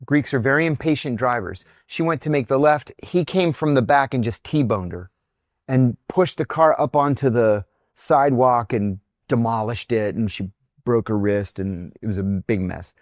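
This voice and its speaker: A man's voice: medium pitch, moderate pace, no echo, studio quality. A man being interviewed as a guest, candidly telling long personal anecdotes in a conversational way and acting out the people he quotes. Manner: candid, animated anecdote-teller who acts out quotes. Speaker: interview guest, former intelligence officer. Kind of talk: conversational storytelling.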